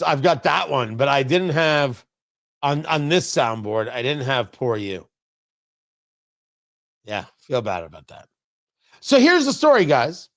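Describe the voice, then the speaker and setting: A male radio talk show host giving opinionated political commentary from the studio, full of sarcastic, riffing asides. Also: a little high.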